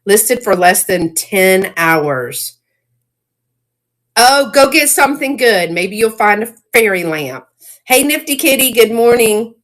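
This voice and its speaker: A woman hosting a casual live-stream sale, chatty and excitable, greeting viewers by name. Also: medium pitch, takes it slowly.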